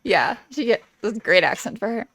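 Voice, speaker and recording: A woman's voice: mid-range voice, expressive, fairly quick, a bit bright, dry recording, studio quality. A woman guest on a podcast, chatting casually with lots of fillers and easy laughs. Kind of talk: casual chat.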